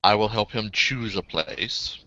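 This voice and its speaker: A man's voice: lowish voice, a little slow, bright, forceful tone, no room sound. Man playing a formal, courteous vampire doctor. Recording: dry, muffled lo-fi recording.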